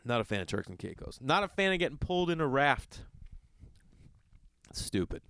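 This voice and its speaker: A man's voice: mid-range voice, moderate pace, vocal fry. A man telling a rambling travel story in a casual podcast monologue, swearing freely and acting out what people said. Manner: profane, animated storytelling with acted-out voices. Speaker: podcast host.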